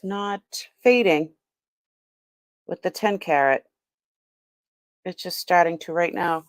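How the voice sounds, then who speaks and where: A chatty woman hosting a live-stream sale, with a somewhat low voice. She talks to viewers as she unboxes and tests items, often exclaiming and laughing. The sound is dry and close. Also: takes it slowly, long pauses, no room sound.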